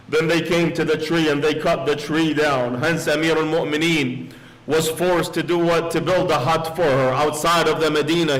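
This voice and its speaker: A man's voice: a little high, a bit bright, poor audio. A man preaching as a sheikh in a mosque, telling a solemn story and slipping into quoted Arabic phrases. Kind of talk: sermon.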